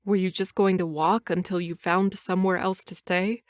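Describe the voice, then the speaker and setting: A woman voicing a caring teenage boy who asks soft, concerned questions in an audiobook. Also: fairly low pitch, level tone, moderate pace, no echo, studio quality, lightly acted. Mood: gentle.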